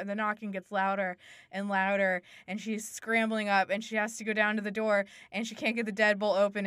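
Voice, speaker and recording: A woman's voice: mid-range voice, brisk, clean tone, no echo. A woman co-hosting a podcast, retelling a story casually and laughing often. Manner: animated, laughs often, uses voices. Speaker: podcast co-host.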